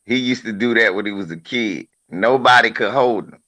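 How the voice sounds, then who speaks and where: A man's voice: fairly low pitch, moderate pace. A middle-aged man in a casual chat, swearing freely and laughing as he tells stories about his kids. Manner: profane, laughing, animated storyteller.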